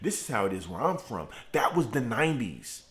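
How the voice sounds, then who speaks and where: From his home garage, a middle-aged man hosts a morning motivational live stream and preaches with fired-up, repeated phrases. He is very animated yet keeps his voice deliberately turned down.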